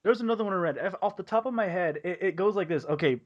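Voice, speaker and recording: A man's voice: high-pitched, rapid-fire, muffled recording. A young man co-hosting a casual podcast over a voice call, reading crude internet stories aloud and breaking into giggles. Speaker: podcast co-host.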